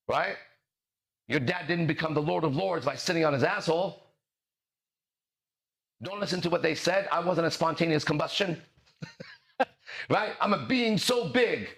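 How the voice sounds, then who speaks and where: A mindset and relationship coach hosts a podcast in a brash, swaggering, profane monologue packed with rhetorical questions. His voice is high-pitched and a bit bright.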